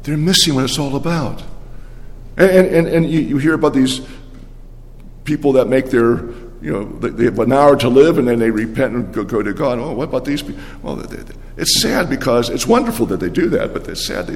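Older man, preacher, sermon, animated storytelling, halting restarts, lively, echoing hall. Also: mid-range voice.

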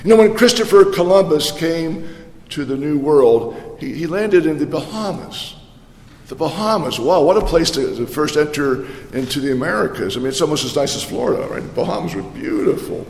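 A man preaching a sermon as a pastor, animated and full of rhetorical questions and repetition. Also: a little high, moderate pace, gravelly, a little hiss or hum. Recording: echoey hall with long reverb.

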